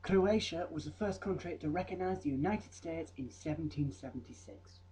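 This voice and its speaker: A young man rattles off odd facts with rambling comic asides and a mellow, dark-toned voice. His pitch sits a bit high for a man. He breaks into silly mock voices now and then. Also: moderate pace, rough recording. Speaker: vlogger. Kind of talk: comedic fact vlog.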